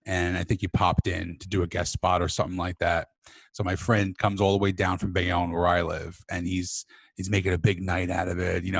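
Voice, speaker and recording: A man with a lowish voice tells an animated, swearing story on a podcast, mimicking his friends in raised voices. The sound is dry and close, with no room around it. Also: brisk, creaky, no echo. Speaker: podcast co-host, comedian.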